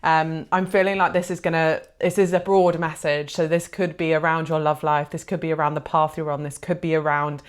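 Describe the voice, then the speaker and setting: A woman with a notably low voice gives a pick-a-card tarot reading. She speaks gently and reassuringly, with a heartfelt tone and soft filler words throughout. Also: little pitch movement, fairly quick, few pauses, clear, resonant tone. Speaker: tarot reader.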